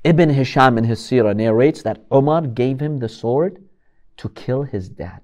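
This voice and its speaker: A man's voice: mid-range voice, lively intonation, unhurried, darkish tone. A man giving a religious history lecture, telling the story dramatically and asking rhetorical questions.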